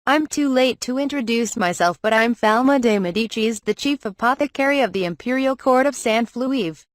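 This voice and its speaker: A woman reading the lines of a stern twelve-year-old boy apothecary in an audiobook, in a calm, even voice. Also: on the high side, moderate pace, no room sound, studio quality, lightly acted. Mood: calm, firm.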